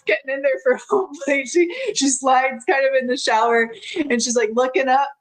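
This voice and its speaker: A woman's voice: sits high, steady tone, moderate pace, rough recording. A woman telling a personal story as a podcast guest, in a chatty way with frequent laughs and many filler words.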